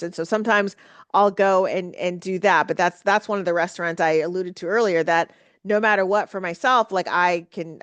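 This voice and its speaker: A woman's voice: lowish voice, no room sound. A woman hosting a casual solo podcast, rambling with lots of fillers and restarts. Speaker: podcast host.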